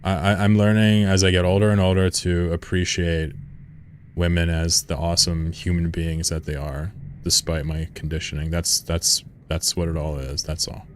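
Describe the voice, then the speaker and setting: A man's voice: low voice, little pitch movement, normal speed, a little hiss or hum. A man streaming a game, chatting casually with his audience in a rambling, profane way and chuckling often. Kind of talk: casual live-stream commentary.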